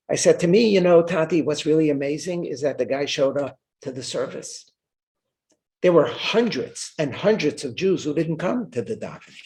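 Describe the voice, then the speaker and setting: A man's voice: medium pitch, darkish tone. An older man, a rabbi, giving an earnest memorial lecture, telling a story and repeating words for emphasis. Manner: earnest, repeats words for emphasis, reads quotes aloud with feeling. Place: synagogue hall.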